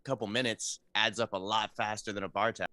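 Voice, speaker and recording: Quick, bright-voiced man, dry close sound. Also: on the low side, flat delivery, no room sound. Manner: easygoing, quick talker. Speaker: guest musician. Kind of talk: casual chat.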